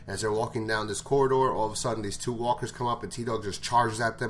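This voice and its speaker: A man's voice: fairly low pitch, steady tone, fast, few pauses, a bit bright. A man giving a casual episode recap, blunt and full of swearing. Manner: blunt and profane. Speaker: show reviewer.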